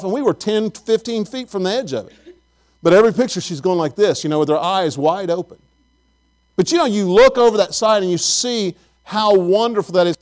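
A middle-aged man, preaching a sermon in a folksy, chatty storytelling way and talking directly to his congregation. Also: high voice. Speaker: pastor.

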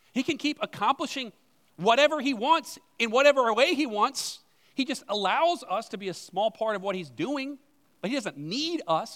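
A man's voice: sits high, a bit bright. A man, a pastor, preaching a sermon in a conversational way, with rhetorical questions and self-deprecating asides. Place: church sanctuary. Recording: long hall reverb.

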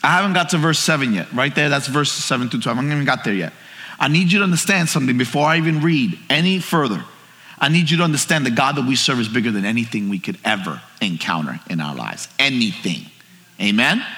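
A man preaching a sermon to his church, swinging from shouted lines to hushed ones. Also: medium pitch, sing-song, fast, in a large hall. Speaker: pastor. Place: church hall with congregation.

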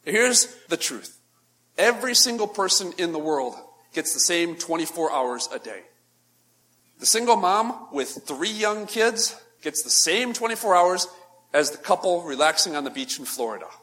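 A man preaching a practical sermon, animated and emphatic, swinging from loud bursts to soft, low asides. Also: normal speed.

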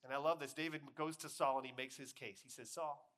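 A man preaching a sermon, telling a story with lively shifts between loud acted-out lines and quiet appeals. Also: medium pitch, quick pace. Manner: animated storytelling, acting out voices, swings from loud to hushed. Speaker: pastor.

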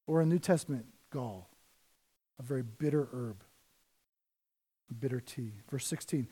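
A middle-aged man preaching a sermon as pastor, swinging between hushed asides and loud, emphatic scripture reading. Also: high voice, lively intonation, normal speed, long pauses.

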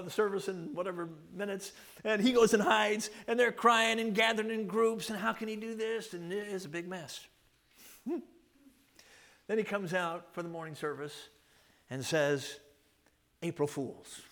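A man delivering a sermon to a congregation. His voice sits high and sounds bright and forceful. He keeps it animated with rhetorical questions, little stories and frequent chuckles. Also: vocal fry. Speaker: preacher.

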